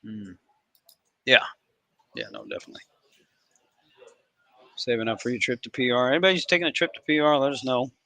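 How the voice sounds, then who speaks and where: A man hosting a live trading stream, talking in casual, profane banter with sudden loud outbursts. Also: mid-range voice, sing-song, a little fast, vocal fry, pauses often, no echo, low-quality recording. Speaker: livestream trading host. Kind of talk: casual livestream chat.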